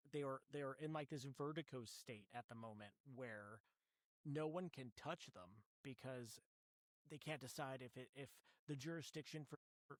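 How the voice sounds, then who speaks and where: A man's voice: medium pitch, no echo. A man narrating as game master of a tabletop horror game, often restarting his words as he explains the scene.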